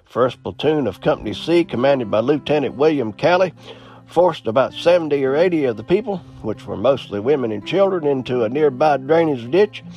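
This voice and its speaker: A man narrating a history in an earnest read-aloud way, with small slips and the odd throat clearing. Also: mid-range voice, lively intonation, brisk. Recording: slightly dull lo-fi audio with faint music.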